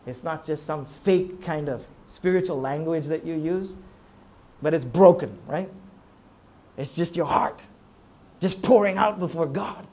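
A man preaching a sermon, rising to near-shouts and falling low, often asking the congregation rhetorical questions. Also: measured pace. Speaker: pastor.

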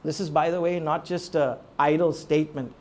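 A man preaching a sermon, rising to near-shouts and falling low, often asking the congregation rhetorical questions. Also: fairly even intonation, normal speed. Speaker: pastor.

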